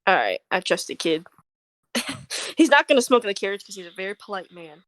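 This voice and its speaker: A woman's voice: mid-range voice, very animated, fairly quick, fairly bright tone, no echo. A woman playing a tabletop game, chatting casually and playfully. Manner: laughing, playful. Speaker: player.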